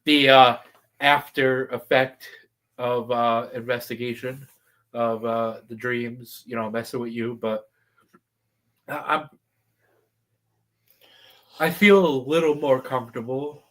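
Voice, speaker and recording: A man's voice: mid-range voice, steady tone, takes it slowly, long pauses, fairly bright tone. A man co-hosting a casual podcast, speaking hesitantly as he thinks aloud. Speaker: co-host.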